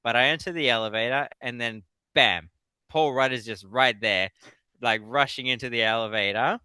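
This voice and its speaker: Bright, crisp-voiced man telling stories with laughs. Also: mid-range voice, normal speed, no room sound. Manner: animated storyteller. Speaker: guest author. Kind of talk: casual interview chat.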